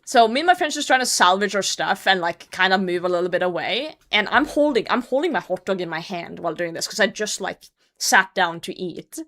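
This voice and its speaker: Fairly quick and loose, this young adult woman rambles through a story for her livestream viewers. Her swearing flows freely, her energy spikes, and her sentences sink into quiet mumbling at the end.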